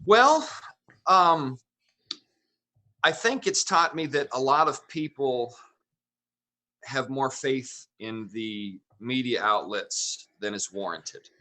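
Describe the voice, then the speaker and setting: A man's voice: medium pitch, lively intonation, takes it slowly, pauses often, sharp tone. A man from Wyoming, a comedian guest on a casual interview show, talking in long opinionated run-on thoughts.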